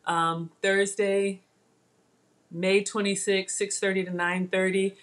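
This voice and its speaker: A woman's voice: medium pitch, little pitch movement, takes it slowly. A woman hosting a casual live cooking stream, chatty and emotional, thanking viewers by name as she works. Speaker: cooking livestream host.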